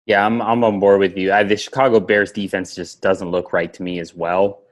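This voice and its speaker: Low-voiced man hosting a betting podcast. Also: normal speed. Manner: relaxed, conversational, trails off with fillers. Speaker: podcast host. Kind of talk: casual sports betting chat.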